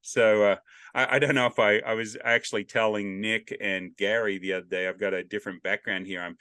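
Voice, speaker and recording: A man's voice: fairly low pitch, fairly even intonation, a little fast, pushed and bright, clean tone, no echo. A man with an Australian accent hosting a casual interview, rambling and joking as he drifts off on tangents, speaking over a video call. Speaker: podcast host. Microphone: video call headset.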